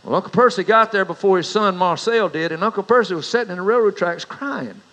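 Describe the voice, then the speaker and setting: Preacher guy, middle-aged, folksy storytelling sermon, voice a bit on the high side. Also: quick pace, fairly bright tone, dull audio. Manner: folksy storyteller, rises in pitch for anecdotes. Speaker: pastor.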